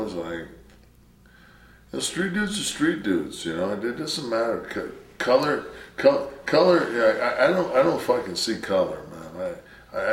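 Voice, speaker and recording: A man with a very low voice rambles through profane stories in loose, casual talk. He sits back from the mic in a roomy space, and faint noise hangs behind him. He grew up in Detroit. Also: far from the mic. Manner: rambling, heavy swearing, storytelling.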